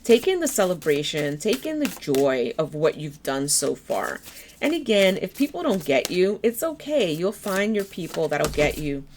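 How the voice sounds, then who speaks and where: A woman giving a tarot reading in a gentle, encouraging way, her voice slightly hoarse. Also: lowish voice, sing-song, normal speed, slight background noise. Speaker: tarot reader.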